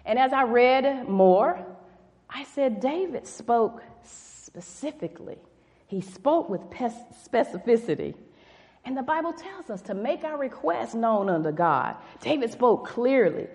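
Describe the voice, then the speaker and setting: Woman preaching a sermon, kinda high voice, big echo off the hall walls, leans hard on the scripture bits. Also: sing-song, measured pace, a little mellow. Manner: emphatic, reads scripture aloud with rising stress. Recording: echoey hall with long reverb.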